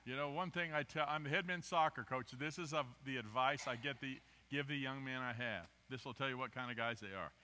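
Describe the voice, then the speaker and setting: A man preaching as a guest speaker, telling personal stories with animated, rising emphasis. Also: mid-range voice, a little fast, few pauses, a little hiss or hum. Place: church sanctuary. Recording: long church hall reverb.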